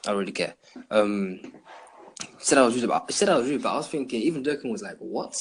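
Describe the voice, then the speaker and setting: A man's voice: mid-range voice, animated, fast, a little hiss or hum. A young man hosting a podcast, telling rambling stories in casual chat with friends. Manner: laid-back, rambling storyteller. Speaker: podcast host.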